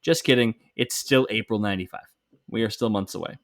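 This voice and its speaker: A man hosting a podcast in casual chat, relaxed, leading the rundown with dry jokes. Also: on the low side, fairly quick, no echo. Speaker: podcast host.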